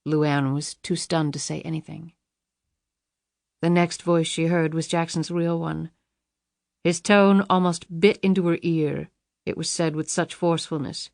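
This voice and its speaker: A woman reading a suspense novel audiobook in a measured, dramatic narration. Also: deep voice, fairly even intonation, gravelly, a little mellow, no echo, studio quality. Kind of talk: scripted thriller narration.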